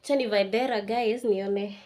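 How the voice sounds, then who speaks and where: A woman's voice: mid-range voice, steady tone, unhurried, a little mellow. A Kenyan woman in her twenties, chatting casually and emotionally as she unboxes things for a home vlog. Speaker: vlogger. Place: indoors at home.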